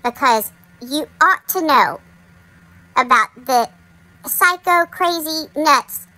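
A woman's voice: sits high, animated, slow pace, sharp tone, no room sound, rough recording. A woman hosting a casual commentary monologue, chatty and talking straight to her viewers. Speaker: commentary channel host.

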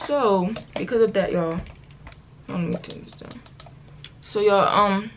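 A woman's voice: mid-range voice, measured pace, slight background noise. Chatty teen girl vlogging. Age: late teens. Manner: chatty, rambling storytelling, keeps saying y'all; slangy and self-correcting. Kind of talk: casual get-ready-with-me vlog chat. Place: at home getting ready.

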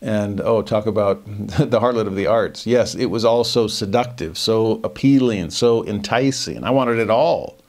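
A man with a fairly low voice leads a verse-by-verse Bible lesson. He talks in a reflective, expressive way and keeps turning to rhetorical questions. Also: unhurried, few pauses. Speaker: scripture teacher.

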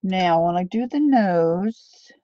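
A woman's voice: on the low side, expressive, takes it slowly, no room sound, dull audio. A woman hosting a casual painting tutorial, chatty and often drifting into side stories as she works.

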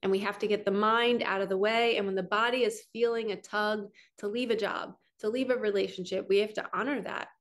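A woman's voice: mid-range voice, fairly even intonation, fairly quick, hardly any pauses. A middle-aged woman, a spiritual coach, giving an earnest, flowing teaching monologue with lots of repetition.

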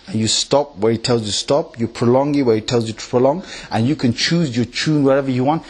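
A man giving a lively lecture to an audience in a mosque, chanting Arabic recitation and mimicking tunes with big pitch jumps. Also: a little fast, slightly rough. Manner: recites Quran in Arabic in varied melodies. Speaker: Islamic preacher.

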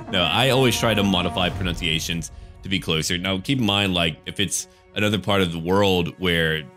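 Laid-back low-voiced American gamer. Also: male voice, moderate pace, fairly bright tone, soft background music. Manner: laid-back, chatty, jokey, swears casually. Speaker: gaming let's-play host. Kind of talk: casual game commentary.

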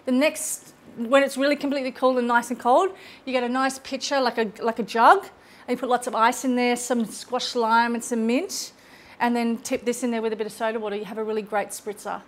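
In her home kitchen, a chatty woman hosts a casual cooking demonstration and laughs often. Her voice is a little high, her delivery flat and brisk.

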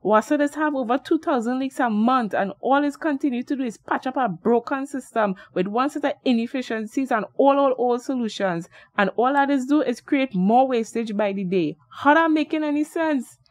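A woman's voice: on the high side, moderate pace, dry recording, clean studio sound, natural voice. A woman voicing an exasperated man who rants about the water cuts. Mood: ranting. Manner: ranting, exasperated dialect speech. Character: annoyed Trinidadian man, fed up with water cuts.

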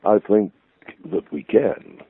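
Husky storyteller on a phone line. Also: male voice, fairly low pitch, slow, no echo. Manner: vivid, animated raconteur. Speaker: storytelling guest. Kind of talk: anecdotal storytelling. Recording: dry tinny phone-like line.

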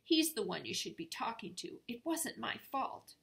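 Woman doing a whiny little male creature, high pleading voice, storybook. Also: huge pitch swings, a little slow, gravelly, pushed and bright, full character voice. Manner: pleading and whimpering, higher voice.

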